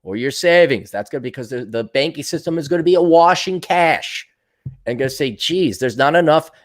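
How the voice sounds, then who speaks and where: A man with a fairly high voice that swings up and down all the time. He talks bluntly, swears often and slips into quick impressions of the people he is quoting. It is an opinionated solo monologue from his own show. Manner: blunt, profane, animated, acts out quoted voices. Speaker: podcast host answering viewer comments.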